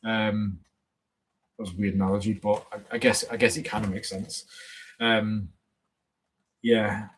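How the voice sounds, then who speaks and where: A man's voice: fairly low pitch, level tone, unhurried, pauses often, slight background noise, rough recording. A man hosting a casual live stream, rambling and chatty with plenty of fillers and self-corrections. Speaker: YouTube channel host on a live stream.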